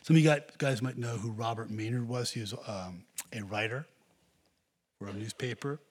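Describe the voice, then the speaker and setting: Husky-voiced man preaching. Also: mid-range voice, moderate pace. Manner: earnest, exhorting the congregation. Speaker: pastor. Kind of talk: sermon.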